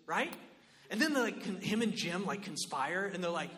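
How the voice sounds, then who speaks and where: A man preaching a sermon in an animated, conversational way, often checking in with his listeners. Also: sits high, normal speed, in a large hall. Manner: animated, conversational, lots of "right?" and "like".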